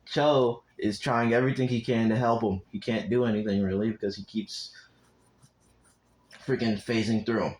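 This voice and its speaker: A man's voice: lowish voice, fairly even intonation, normal speed, darkish tone, rough recording. Rambling, profane young man telling a story. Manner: rambling and profane, with asides to viewers. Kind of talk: casual improvised fan story narration.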